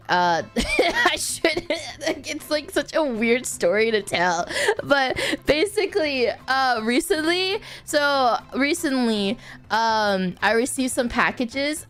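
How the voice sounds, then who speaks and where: A woman's voice: a little high, clear, resonant tone. A woman streamer chatting casually, telling a story in a rambling way with lots of fillers and bursts of laughter. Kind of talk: casual chat.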